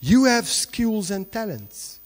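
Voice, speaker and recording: South African pastor, high voice, lively sermon, hushed to shouting, church reverb. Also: male voice, slow. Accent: South African English. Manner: animated storytelling, swings from hushed to shouting. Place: church hall. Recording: long hall reverb.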